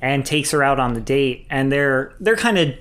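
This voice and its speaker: Chill guy on a movie podcast, mid-pitch voice, into the film. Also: moderate pace. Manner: relaxed, enthusiastic, loose phrasing. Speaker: podcast co-host. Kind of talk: casual film discussion.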